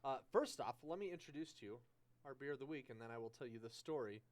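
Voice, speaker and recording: A man's voice: mid-range voice, fast talker, crowd noise. A married man co-hosting a casual podcast, upbeat and easygoing as he presents a beer. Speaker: podcast co-host. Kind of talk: casual chat.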